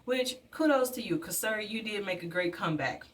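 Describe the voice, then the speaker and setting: A woman vlogger recapping a movie while painting her face, chatty and animated, slipping into voices for the characters. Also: medium pitch, fairly quick, distant mic. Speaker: beauty and movie review vlogger.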